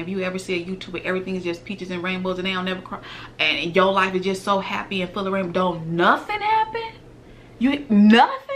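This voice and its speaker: A woman's voice: on the low side, a bit bright, a little hiss or hum. A woman, talking earnestly to her viewers in a heartfelt vlog. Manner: earnest, heartfelt, repetitive, slips into whispers. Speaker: vlogger. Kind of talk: emotional direct-to-camera talk.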